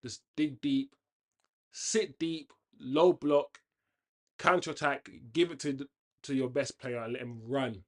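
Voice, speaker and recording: A man hosting a casual football watchalong, chatting on tangents and reacting loudly to the play. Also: medium pitch, fairly even intonation, unhurried. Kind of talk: casual live match commentary.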